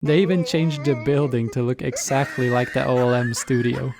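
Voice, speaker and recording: A man's voice: medium pitch, a little mellow. Irreverent, swearing man narrating a video essay. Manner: casual and irreverent, swears freely.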